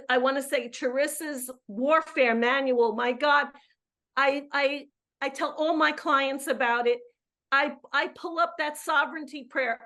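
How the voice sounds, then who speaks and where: A woman's voice: high voice, a bit bright. A woman in her fifties calling in to a live show as a coach, effusive and emphatic, often repeating words as she goes. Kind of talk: live call-in chat.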